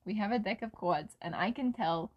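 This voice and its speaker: A woman's voice: mid-range voice, normal speed, husky, highs cut off. A young woman co-hosting a casual chat, playful and goofy, often laughing. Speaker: podcast co-host.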